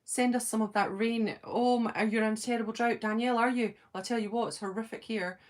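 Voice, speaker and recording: A middle-aged Scottish woman hosting a fan live stream. She reads the chat and answers it, chatty and giggly, laughing at herself and filling pauses with lots of ums. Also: fairly high pitch, fairly even intonation. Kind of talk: casual live-stream chat, reading comments.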